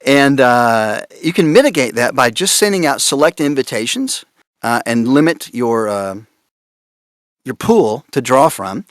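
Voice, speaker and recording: Animated man laughing through a panel talk. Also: mid-range voice, unhurried, no room sound, studio quality. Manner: animated, amused, laughs often. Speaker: panelist on voice acting.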